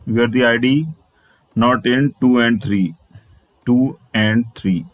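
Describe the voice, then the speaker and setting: Male tutor, tutorial delivery, mid pitch, dry and close, restates every step. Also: slow, no echo, low-quality recording. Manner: repetitive, restates phrases, spells out letters. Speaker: programming instructor. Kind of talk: screen-share coding tutorial.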